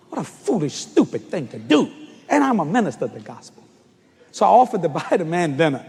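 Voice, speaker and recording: A man preaching a comic storytelling sermon, acting out dialogue with sudden shouts, in a large church hall. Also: high voice, big pitch swings, normal speed, breathy edge. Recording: long hall reverb with faint noise.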